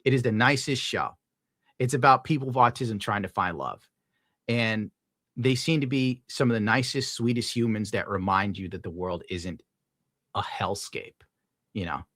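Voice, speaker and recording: A man's voice: fairly low pitch, moderate pace, a bit bright, no room sound, studio quality. A young man streaming, casually ranting and reading donations, profane and rambling. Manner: profane, rambling, laid-back. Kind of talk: casual rant to viewers.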